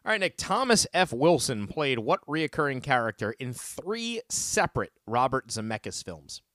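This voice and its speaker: A man hosting a trivia podcast in casual chat, telling funny stories and reading questions slowly. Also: mid-range voice, dry recording, studio quality. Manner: animated storyteller, joking, reads questions slowly. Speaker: trivia quiz host.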